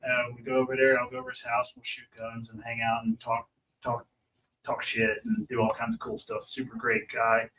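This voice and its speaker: A man's voice: medium pitch, monotone, normal speed, sharp tone. Male guest, casual rambling storyteller, recorded from a distance. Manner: rambling, with many restarts and fillers. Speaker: pit crew member, guest. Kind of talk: casual storytelling on a racing talk show.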